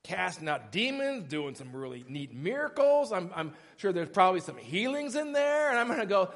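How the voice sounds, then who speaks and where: A man's voice: high voice, sing-song, moderate pace. A male pastor preaching a sermon in a conversational, emphatic way, often stopping to ask questions. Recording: echoey church hall.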